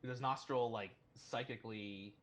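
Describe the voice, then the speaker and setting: A man's voice: mid-range voice, fairly even intonation, unhurried, fairly bright tone. A man playing a tabletop game, chatting casually and joking at his own expense. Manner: chatty, self-deprecating, exclaiming. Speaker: player.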